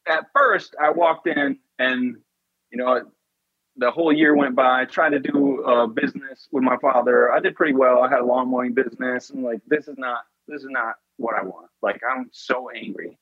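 A man's voice: mid-range voice, moderate pace, no room sound, highs cut off. A man earnestly telling a personal story in an interview, emotional and full of "you know" and "like".

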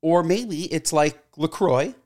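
A man's voice: a little high, slow pace, darkish tone. A man co-hosting a podcast in casual chat, joking around playfully and bantering back defensively. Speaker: podcast co-host.

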